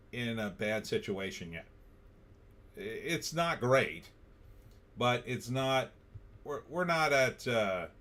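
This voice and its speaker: A middle-aged man hosts a political livestream in a blunt, sarcastic way, stopping now and then to read viewer comments aloud. His voice sits on the low side. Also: a bit bright. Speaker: livestream host.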